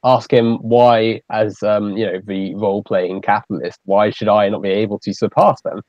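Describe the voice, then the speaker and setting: A man's voice: lowish voice, level tone, moderate pace, no echo. A British man hosting a casual group voice chat, rambling with many fillers and restarts. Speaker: stream host. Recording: dull, dry voice-chat audio.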